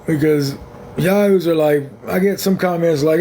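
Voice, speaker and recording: A man chats through his own livestream with a voice pitched a bit above the usual for a man. He talks bluntly and frankly, wandering from point to point. A faint hum of noise sits under his voice. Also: unhurried, dark tone. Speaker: livestream host. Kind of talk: casual livestream chat.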